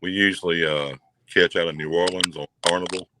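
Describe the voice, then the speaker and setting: A man from South Mississippi with a Southern accent and a very deep voice, chatting easily as a guest on a live stream. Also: fairly even intonation, brisk, pushed and bright, a little hiss or hum, low-quality recording. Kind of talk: casual chat.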